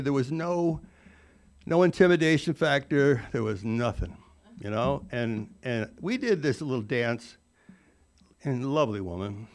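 A man in his forties telling a rambling, self-mocking personal recovery story, full of "you know" asides. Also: medium pitch. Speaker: recovery speaker.

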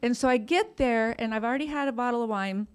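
A woman's voice: fairly high pitch, fast, clean tone. A woman frankly telling her own recovery story, self-deprecating and casually swearing, laughing through painful memories. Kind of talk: candid personal storytelling.

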